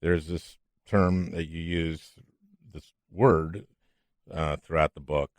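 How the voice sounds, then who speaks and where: A man hosting a podcast interview, chatting casually in a jokey, animated way with rambling asides. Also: extremely low pitch, slow, dry recording. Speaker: podcast host.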